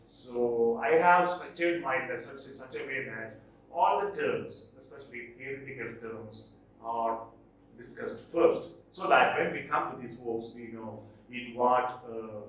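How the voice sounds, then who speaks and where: A man teaching English literature in a recorded lecture, explaining terms slowly and repeating key points. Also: mid-range voice, a bit bright. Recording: very echoey room, mic at a distance.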